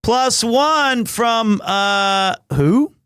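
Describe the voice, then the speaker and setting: A man streaming live in casual chat, excitable, often breaking into shouts and laughter. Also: very high voice, extremely slow, clear, resonant tone, no room sound, clean studio sound. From United States.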